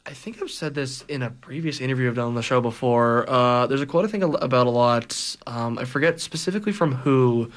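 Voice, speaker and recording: A man's voice: mid-range voice, a little fast, hardly any pauses. Young man, from Saskatchewan, campus radio host, casual interview, easygoing, filler-heavy, studio. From Saskatchewan, Canada. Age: young adult. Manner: easygoing, self-deprecating, many fillers.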